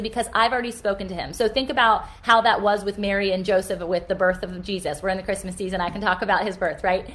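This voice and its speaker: A woman's voice: mid-range voice, a little hiss or hum. A middle-aged American woman hosting a faith-based podcast, telling a personal story in an earnest, preachy way. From United States. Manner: earnest, preachy, rushes through asides. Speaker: podcast host.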